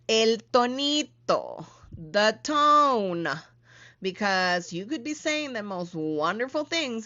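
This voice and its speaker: A woman hosting a solo talk on planning events, teaching in an animated, emphatic way with playful asides. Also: fairly low pitch, highs cut off. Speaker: podcast host and event coach.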